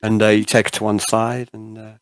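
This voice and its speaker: A man's voice: on the low side, completely flat delivery, a little fast, no room sound, studio quality. A man narrating as game master of a tabletop role-playing game, rambling with frequent hesitations. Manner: rambling, many "uh" fillers.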